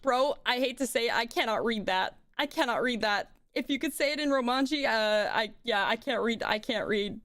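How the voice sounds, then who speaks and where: A woman's voice: a little high, moderate pace, few pauses. A young woman streamer chatting casually while playing a game, giggling often and swearing freely. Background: loud game music.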